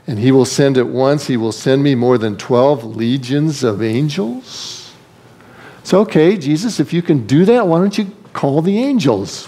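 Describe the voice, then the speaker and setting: A man's voice: a little high, a little mellow. A man preaching a sermon as pastor, asking rhetorical questions and shifting his emphasis.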